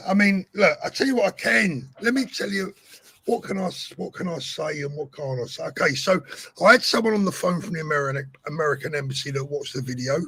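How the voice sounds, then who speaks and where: A man's voice: on the high side, a little fast, pushed and bright, slightly rough, no echo. A male host chatting on a live stream, earnest, telling his news in short bursts. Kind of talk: casual live-stream chat.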